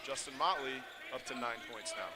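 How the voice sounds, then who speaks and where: A man commentating a basketball game play by play, his calls rising to shouts on the big plays. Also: medium pitch, moderate pace. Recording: loud gym noise behind the voice.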